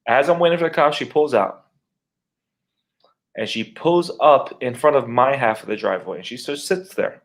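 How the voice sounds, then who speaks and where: A middle-aged man co-hosting a podcast, telling a long neighbor story in casual, profane, animated talk and acting out his own reactions. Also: medium pitch, moderate pace. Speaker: podcast co-host.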